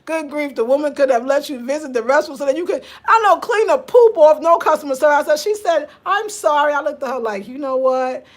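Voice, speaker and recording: An older woman telling a story in a casual, animated way, swearing and acting out the other people in it. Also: high-pitched, quick pace, hardly any pauses. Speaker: vlogger.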